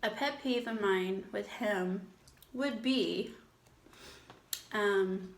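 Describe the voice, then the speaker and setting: A woman's voice: medium pitch, drawn-out words, echoey room, a little hiss or hum. A woman hosting an eating show, chatting casually and teasing her husband, exclaiming as she talks. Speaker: mukbang host. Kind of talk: casual chat.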